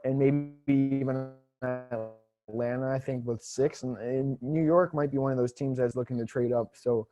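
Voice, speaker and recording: A man with a mellow, warm tone co-hosts a casual sports podcast. He talks in a measured way, stammers a little at the start of thoughts and makes dry remarks. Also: medium pitch, fairly even intonation, soft background music. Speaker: podcast co-host.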